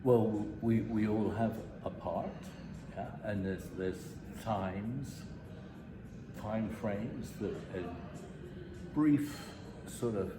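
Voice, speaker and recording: An older man with an English accent talks with a lowish voice, restarting his sentences and laughing at himself. His voice sounds echoey, with loud ambient noise behind it. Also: very slow. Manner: hesitant, self-deprecating, many restarts and laughs. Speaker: improvising vocalist interviewed. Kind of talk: casual interview answers.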